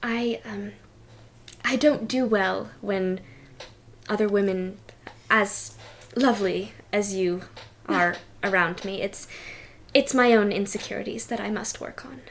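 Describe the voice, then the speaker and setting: A woman voicing an insecure noblewoman who apologizes in a soft, formal, earnest way. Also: medium pitch, takes it slowly, pauses often, slight background noise. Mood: apologetic.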